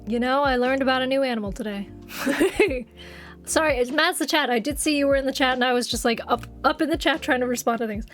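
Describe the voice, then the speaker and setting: A woman streamer talks casually into her desk microphone, reacting to chat with a bright, high-pitched voice. She giggles often and gets excited easily. Faint music plays quietly behind her. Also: quick pace.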